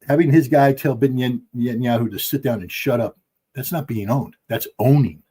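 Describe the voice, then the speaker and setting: A man's voice: medium pitch, a little fast, warm tone, husky. A middle-aged man giving heated, emphatic podcast commentary from home, blunt and impassioned. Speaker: guest commentator. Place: at home with dogs.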